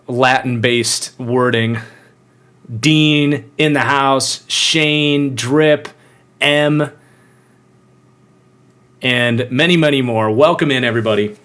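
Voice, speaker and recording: A man's voice: medium pitch, fairly bright tone. A young man hosting a live football podcast, chatting casually and greeting viewers by name. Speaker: podcast host.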